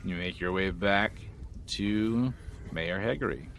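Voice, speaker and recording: Low, slow male game master, laid-back. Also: background noise. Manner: unhurried, laid-back narration. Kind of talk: narrating a tabletop game.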